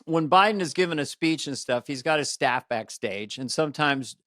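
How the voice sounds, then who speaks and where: A man's voice: a little high, lively intonation, moderate pace, bright, forceful tone, dry recording, clean studio sound. A man in his sixties co-hosting a podcast in playful comedic chat, breaking into character voices.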